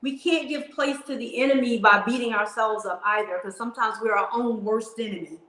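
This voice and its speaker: Encouraging high-voiced woman host, echoey. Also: fairly quick, bright, forceful tone. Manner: encouraging, preacherly. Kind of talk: faith talk show conversation.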